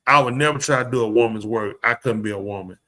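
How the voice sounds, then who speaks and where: A man holds forth on a live podcast in loose, casual chat. His voice is bright and forward, sitting at an ordinary pitch. He rants bluntly and keeps turning to the people around him for agreement. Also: quick pace. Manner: blunt, opinionated ranting that addresses the room. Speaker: podcast host. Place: live show.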